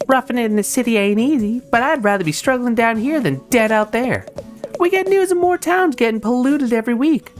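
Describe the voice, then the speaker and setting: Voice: medium pitch, expressive, brisk, soft background music, pitched above the performer's own voice, natural voice. A game streamer voicing a weary crab who lives in the city in a video game, speaking in a plain, world-weary way.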